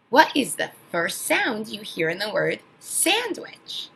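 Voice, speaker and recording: A woman teaching an online phonics lesson to young children, sounding out words slowly and with exaggerated emphasis. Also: medium pitch, sing-song, gravelly, bright, forceful tone, breathy edge, poor audio.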